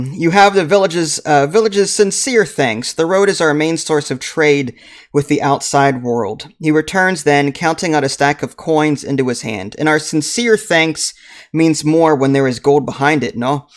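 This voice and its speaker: A man voicing a gruff, French-accented male village clerk who smokes heavily. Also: fairly high pitch, measured pace, close to an everyday voice. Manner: fake French accent, adds "aha" to sentences.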